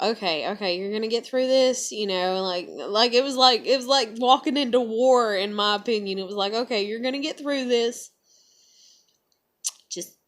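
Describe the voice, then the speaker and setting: A woman venting in a rambling, casual monologue, full of fillers and quoted thoughts, rising loud when excited. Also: mid-range voice. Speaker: vlogger.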